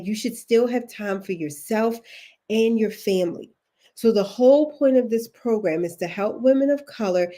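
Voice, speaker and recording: A woman's voice: fairly high pitch, darkish tone. A woman with a Baltimore accent giving a chatty, encouraging live-stream coaching talk to her viewers. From Baltimore, United States. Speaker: leadership career coach.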